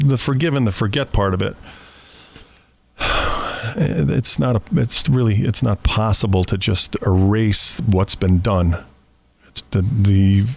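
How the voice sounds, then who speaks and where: Gravelly man speaking haltingly. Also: on the low side, no echo. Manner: halting, restarts phrases often, reflective. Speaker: guest. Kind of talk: conversational interview.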